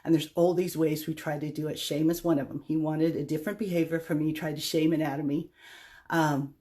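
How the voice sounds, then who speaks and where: A woman's voice: low voice, little pitch movement, brisk, mellow. A middle-aged woman vlogging, telling a personal story in a chatty, rambling, self-deprecating way. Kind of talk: casual storytelling monologue.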